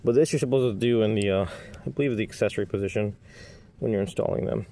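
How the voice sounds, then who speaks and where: Locksmith demo voice: man, gravelly and mellow, folksy, unhurried how-to talk. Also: on the low side. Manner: relaxed, folksy step-by-step instructions. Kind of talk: casual repair tutorial.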